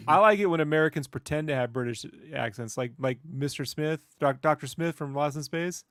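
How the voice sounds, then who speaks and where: A man's voice: fairly high pitch, moderate pace, fairly bright tone, no room sound, clean studio sound. A man co-hosting a casual podcast chat, teasing and laughing often. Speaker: podcast co-host.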